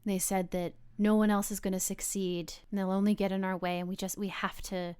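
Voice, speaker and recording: Woman player narrating her hero; smooth, clear tone, loose rambling delivery. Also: mid-range voice, little pitch movement, fairly quick. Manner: rambling, with restarts and soft asides.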